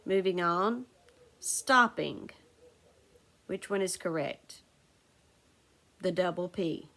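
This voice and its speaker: A woman teacher leading a recorded phonics lesson, dictating sentences slowly and spelling words out letter by letter. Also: fairly low pitch, lively intonation, a bit bright. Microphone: recorded for a video lesson.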